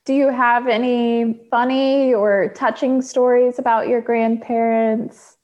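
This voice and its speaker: A woman's voice: on the high side, little pitch movement, slow. A woman interviewing someone for an oral history, asking short friendly questions. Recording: dull lo-fi sound.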